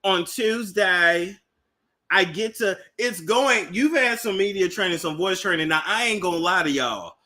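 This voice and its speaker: Animated Midwestern man, bright lively voice. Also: sits high, measured pace. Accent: Midwestern American. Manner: animated, exclaiming, talks to chat. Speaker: gossip livestream host. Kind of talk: casual commentary.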